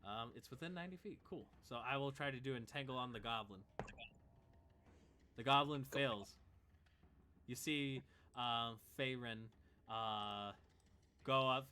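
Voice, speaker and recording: Male game master, crisp voice, faint room hum behind, easygoing narration. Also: mid-range voice, a little slow, long pauses. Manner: relaxed, chuckling narration of combat.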